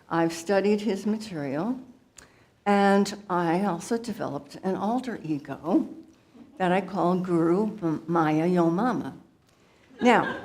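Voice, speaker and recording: A woman's voice: medium pitch, a little mellow. A woman giving a humorous sermon at a spiritual center, telling stories in a light, self-mocking way. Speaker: guest speaker at a spiritual center.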